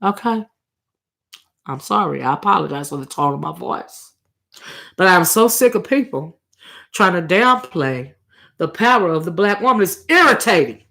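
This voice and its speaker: A woman giving impassioned opinion commentary, preachy and hollering at times, stumbling over her words and repeating phrases for emphasis, close on a loud microphone. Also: lowish voice, animated, moderate pace, gravelly, long pauses. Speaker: commentary channel host. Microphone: loud close desktop microphone.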